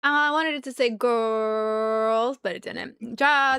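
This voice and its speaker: Dry-witted woman, clear high-ish voice. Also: steady tone, slow pace, a bit bright, dry recording. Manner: dry, wry remarks, reads donations aloud. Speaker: livestream co-host. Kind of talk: casual chat.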